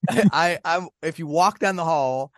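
A man's voice: fairly high pitch, moderate pace, no room sound, clean studio sound. An American man co-hosting a casual podcast chat, rambling with many restarts and laughs. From United States. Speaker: podcast co-host.

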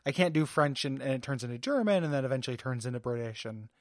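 A man's voice: mid-range voice, animated, fast, no room sound, studio quality. A man co-hosting a podcast in casual chat, hesitant and full of fillers, laughing easily. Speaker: podcast co-host.

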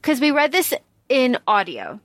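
A woman's voice: sits high, dry recording. A woman co-hosting a podcast, chatting casually and dramatically about a book she reviews, venting her dislikes. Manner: animated, dramatic, quick to vent strong dislike. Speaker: podcast co-host.

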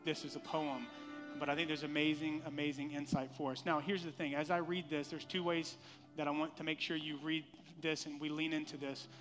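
A man preaching a sermon as pastor in a church, animated, acting out scripture lines with playful voices. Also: fairly high pitch, a little fast, long reverb tail, over music.

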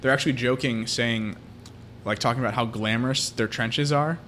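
A man's voice: mid-range voice, moderate pace, fairly bright tone, slight background noise. A man co-hosting a podcast, retelling a film plot in casual chat, with many fillers. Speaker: podcast co-host.

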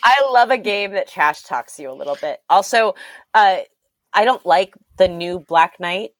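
A woman's voice: mid-range voice, expressive, measured pace, no echo. A woman chatting as a podcast guest, enthusiastic and talkative, with frequent "like" and "um" fillers. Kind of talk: casual chat.

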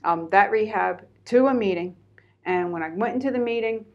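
A woman's voice: medium pitch, normal speed, muffled recording. A middle-aged woman from Pennsylvania, a guest telling her own story candidly and animatedly, with lots of fillers. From Pennsylvania, USA. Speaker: interview guest. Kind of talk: personal storytelling in conversation.

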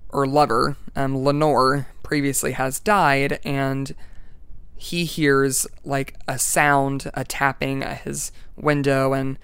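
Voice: mid-range voice, level tone, takes it slowly, a bit bright, clean tone, no room sound. A young adult student giving a casual class presentation and reading a poem aloud, chatty and full of "like" and "um".

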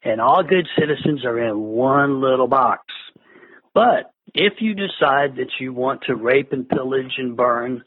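A man in casual conversation, telling travel stories in a relaxed way with many fillers. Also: mid-range voice, a little slow, breathy edge, no echo. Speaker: guest. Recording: phone-like lo-fi line.

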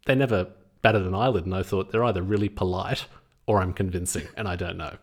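A man's voice: low voice, steady tone, a little fast, slightly rough. A man with an Australian accent, co-hosting a podcast in wry, slightly hesitant casual chat. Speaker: podcast co-host.

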